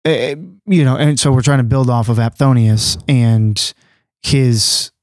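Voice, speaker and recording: Man, podcast panelist, mid-pitch voice, dry close mic, casual explaining. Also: unhurried, no echo. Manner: explanatory, with fillers and restarts.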